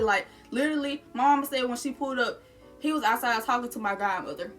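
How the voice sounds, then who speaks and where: A young adult woman casually telling a story to her viewers, animated and swearing, calling them y'all. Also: sits high, fast talker, faint music behind.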